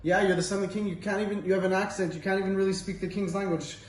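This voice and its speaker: A stern male palace guard barks and scoffs, as a man telling a story puts him on, his voice pitched a little high. The sound carries room echo and comes from some distance off the mic. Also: flat delivery, racing, natural voice. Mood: dismissive. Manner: dismissive, mocking.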